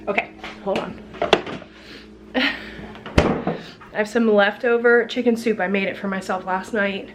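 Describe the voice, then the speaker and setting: A woman's voice: mid-range voice, measured pace, long pauses, over loud music. A woman chatting casually through her grocery haul at home, chatty and worn out from being sick. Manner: chatty, lively price rundown, frequent laughs. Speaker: vlogger.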